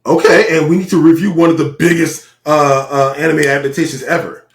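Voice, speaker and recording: A man co-hosting a podcast in casual chat, with profane, animated banter. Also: a little high, a little fast, vocal fry, roomy sound, slight background noise. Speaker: podcast co-host.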